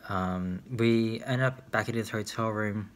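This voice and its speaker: A man's voice: fairly low pitch, measured pace, a little hiss or hum. A young man, telling candid dating stories in a casual, chatty vlog with lots of filler words. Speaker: vlogger.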